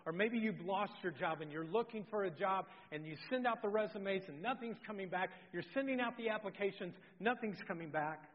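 A middle-aged man preaching a sermon as pastor, telling a family story, animated, and swinging from loud to very soft. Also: high voice, moderate pace, few pauses. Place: church. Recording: dull sound with long hall reverb.

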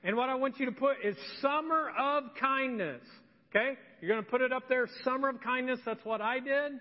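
A man with a high voice preaches in a relaxed, chatty way, tossing in jokes between instructions. The sound is dull and lo-fi, with a long reverb tail from a large church hall. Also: brisk. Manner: joking, chatty, upbeat. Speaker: pastor. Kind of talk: conversational sermon. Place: church sanctuary.

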